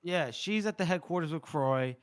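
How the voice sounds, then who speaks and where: A man's voice: fairly high pitch, expressive, normal speed, clear, resonant tone. A man co-hosting a podcast, recapping a novel's chapter in casual chat and briefly voicing the characters' lines. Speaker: podcast co-host. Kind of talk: casual book-discussion chat.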